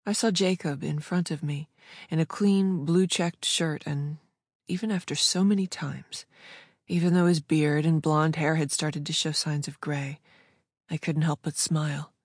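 A woman with a low-pitched voice reading a story aloud, smooth and measured in her delivery. The recording is dry and close, with no room sound around her. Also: steady tone, no room sound. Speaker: audiobook narrator. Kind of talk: scripted narration.

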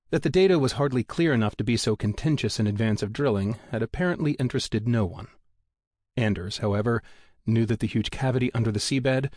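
In a clean studio recording with no echo, a man narrates a novel for an audiobook. He reads from a script in an even, measured way, his pitch fairly low.

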